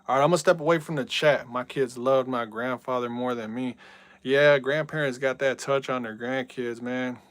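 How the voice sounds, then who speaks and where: A man live-streaming a football video game in casual chat, reading out viewer messages and yelling at big plays. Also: mid-range voice, fairly even intonation, moderate pace, dry recording.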